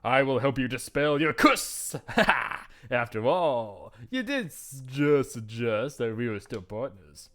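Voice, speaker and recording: A man's voice: medium pitch, very animated, takes it slowly, hardly any pauses, background noise. A man voicing a charming, vain swordsman mentor who talks in a teasing, flirtatious way.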